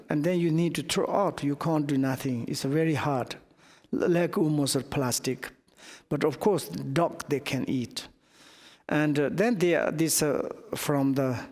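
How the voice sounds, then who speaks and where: A male Buddhist teacher tells a teaching story in halting English full of restarts. His voice sits a little high. The sound rings with a long reverb, as in a big hall. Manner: halting non-native English, many restarts. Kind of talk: dharma teaching told as a story.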